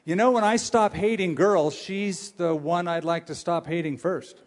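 A man's voice: high voice, moderate pace, lightly acted. A man voicing a young boy on a ball team who admits a shy crush, in a sheepish joking tone.

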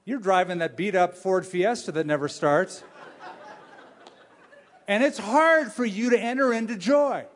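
A male pastor preaching a sermon, with animated, humorous storytelling and questions for his audience. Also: high voice, a little slow, long pauses, a little hiss or hum.

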